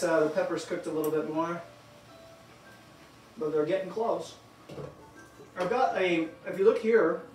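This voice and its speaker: A man's voice: on the high side, a little mellow. A man hosting a live cooking class, chatting as he explains each step. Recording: echoey room, mic far off.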